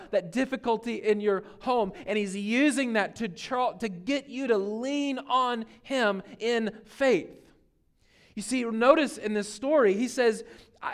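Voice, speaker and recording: A pastor preaching a sermon, earnest and emphatic, dropping to a hush for key points. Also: male voice, very high-pitched. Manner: earnest preaching, swinging between emphatic and hushed. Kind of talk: sermon on a Bible passage.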